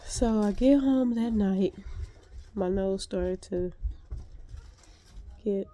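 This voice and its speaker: A woman talks through a casual vlog story, her nose stuffed up and sniffly. She speaks slowly, with plenty of "um"s and little laughs at herself. Her voice is soft and mellow. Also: mid-range voice. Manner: chatty, many fillers, laughs at herself. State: congested and sniffly. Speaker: vlogger.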